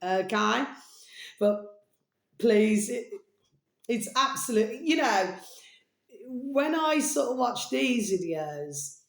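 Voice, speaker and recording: A slightly high, expressive, gravelly voice takes things slowly and pauses often, with reverb around it. This woman hosts a rambling, chatty vlog, drifting between topics, affectionately calling viewers "babies," and humming or singing snatches.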